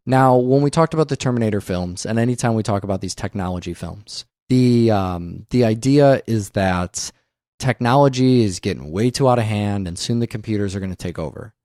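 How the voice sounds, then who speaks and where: A man's voice: on the low side, brisk, warm tone, dry recording, clean studio sound. A man hosting a film podcast in casual discussion, emphatic and opinionated, swearing often. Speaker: podcast host.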